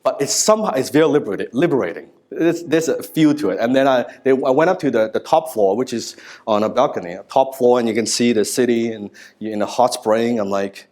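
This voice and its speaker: A man in his thirties giving a live business seminar, telling stories in an animated, casual way with frequent asides and some swearing. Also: medium pitch, fairly quick. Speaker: business speaker. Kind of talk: live seminar talk to an audience.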